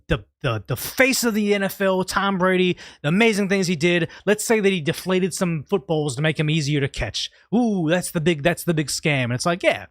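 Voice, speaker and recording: A man's voice: on the high side, dry recording, studio quality. A man hosting a casual livestream, rambling through tangents and reading out viewer super chats. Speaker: livestream host.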